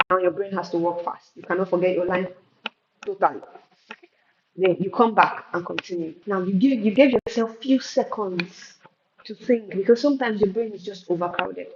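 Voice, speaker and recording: A woman leads a live poetry lesson and leans hard on key words, often restarting mid-phrase. Her voice sits in the middle of the range. The recording sounds muffled, with a steady hiss behind her. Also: medium pitch. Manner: emphatic, repeats words and restarts, drawn-out stresses. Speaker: poetry teacher. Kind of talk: live spoken-word lesson answering questions. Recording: roomy, dull and noisy.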